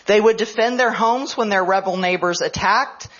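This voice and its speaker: A woman history professor delivers a conference lecture, recounting events as a story and stopping to explain them. Her voice sits at a middle pitch. It comes through a slightly dull, lo-fi radio broadcast. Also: normal speed, a bit bright. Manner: storytelling, explanatory, checks in with "right?".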